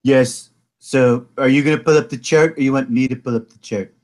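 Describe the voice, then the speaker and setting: A man of ordinary pitch, relaxed and playful as a guest on a webinar. He chats easily and keeps up a light banter with the host. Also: fairly quick. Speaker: guest trader, student of host. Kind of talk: casual webinar chat.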